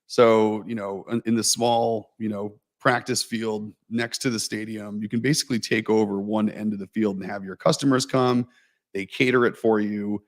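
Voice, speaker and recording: A man with a fairly low voice spins a long, self-mocking story on a casual livestream. He rambles, restarts his sentences and leans on fillers as he goes. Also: fairly even intonation, normal speed. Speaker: co-host telling a story.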